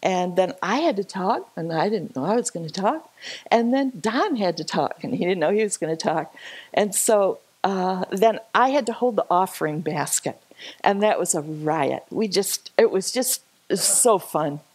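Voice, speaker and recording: A woman telling a lively, chatty story to a church congregation over a slideshow, laughing often. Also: lowish voice, normal speed, breathy edge, poor audio. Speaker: church speaker sharing a trip slideshow. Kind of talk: casual storytelling talk. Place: church service.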